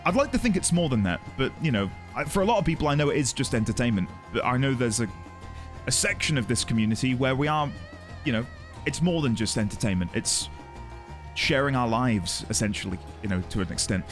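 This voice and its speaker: A man's voice: medium pitch, lively intonation, a little fast, faint music behind. A man streaming live, chatting earnestly and emotionally with his audience and greeting viewers by name. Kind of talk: casual chat with a live audience.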